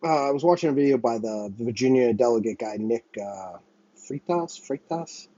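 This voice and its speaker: Speaking a little fast in a husky, medium-pitched voice with a dark tone, a US vlogger delivers a profane, rambling monologue to camera, circling back over his own words and interrupting himself. The sound is dry, echo-free and slightly muffled, like a cheap setup in a small apartment with a window air conditioner running.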